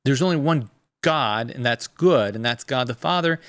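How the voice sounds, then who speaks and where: Fast, rambling man hosting a live stream. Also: medium pitch, lively intonation, no room sound. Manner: rambling, fast, many restarts. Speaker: host.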